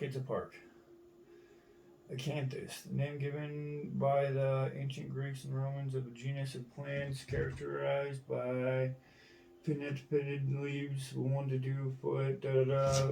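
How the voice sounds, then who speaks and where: A man's voice: medium pitch, monotone, unhurried, creaky, a little mellow, slight background noise. An American man reading encyclopedia entries aloud in a casual way, skipping parts and throwing in profane asides. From United States. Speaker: reader going through an encyclopedia. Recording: echoey room, mic at a distance.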